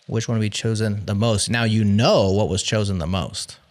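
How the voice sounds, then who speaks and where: A man's voice: lowish voice, steady tone, normal speed. A man hosting a podcast game show, reading out survey results in a playful, wry way.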